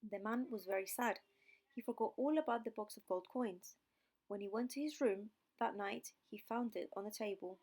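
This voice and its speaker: A woman narrating a fairy tale slowly and clearly for English learners. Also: mid-range voice, mellow. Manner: slow, deliberate reading. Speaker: audiobook narrator.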